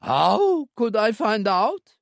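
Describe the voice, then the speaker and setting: A man's voice: sits high, huge pitch swings, creaky, clean tone, dry recording, clean studio sound, pitched above the performer's own voice, full character voice. A man voicing a small, fat, frightened club owner with a thick voice in an audiobook. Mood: fearful. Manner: pleading, panicky, drawn-out. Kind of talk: audiobook character reading.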